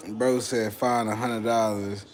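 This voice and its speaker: A man's voice: on the low side, level tone, unhurried. A young man from Texas hosting a casual livestream, joking and swearing as he banters with his chat. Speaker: livestream host.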